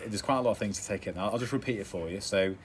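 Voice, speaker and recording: An English man co-hosting a podcast, chatting casually with dry, deadpan jokes. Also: on the low side, very fast, slight background noise. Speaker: podcast co-host. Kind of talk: casual chat.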